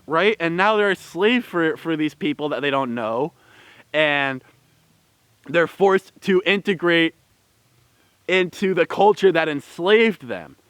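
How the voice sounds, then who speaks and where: A man talks through his opinions slowly in a smooth, clear voice that sits a little high. He rambles and restarts often, and the room sound is dry. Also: fairly bright tone, no room sound. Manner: rambling and heated, many fillers and restarts. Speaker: vlogger. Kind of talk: opinion commentary.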